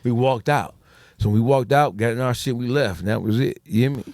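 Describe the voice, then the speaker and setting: Man, guest on a podcast, talks quick and swears a lot, dry close sound. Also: mid-range voice, darkish tone, dry recording. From Detroit, USA. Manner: profane, street slang, acts out quoted dialogue. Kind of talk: casual storytelling.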